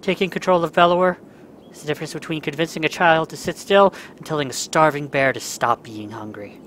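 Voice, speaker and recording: A man's voice: a little high, a little fast, fairly bright tone, slight background noise. A man playing a story game, reading each part's dialogue aloud in his own voice and cursing when the controls glitch. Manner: reads every part in his own voice, breaks into angry outbursts at glitches. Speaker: let's play gamer.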